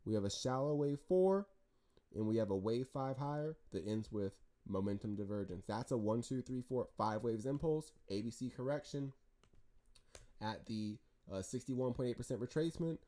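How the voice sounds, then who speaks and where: A man giving casual market commentary over charts, animated and talkative, with frequent restarts and jokes. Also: mid-range voice, normal speed. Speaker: stock market chart analyst.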